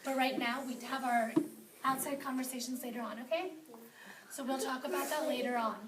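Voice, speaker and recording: Gentle woman teacher in a roomy classroom. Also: sits high, steady tone, fairly quick, a loud crowd. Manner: gentle, patient, praising the children by name. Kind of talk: classroom morning meeting. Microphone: far camera. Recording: roomy, distant with background noise.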